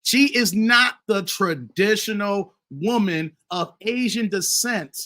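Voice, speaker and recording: The voice sits high and moves slowly, bright and forward, belonging to a middle-aged man hosting a casual commentary channel live stream. He's animated and addresses viewers as "guys" and "fellas," often stumbling, repeating himself, and beginning sentences again.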